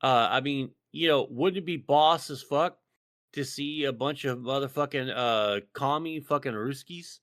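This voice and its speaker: A man's voice: mid-range voice, measured pace, a bit bright, dry recording, studio quality. Rowdy, foul-mouthed man on a podcast. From Texas. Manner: profane, rowdy, rambling with frequent fillers. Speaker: podcast co-host. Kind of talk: casual podcast banter.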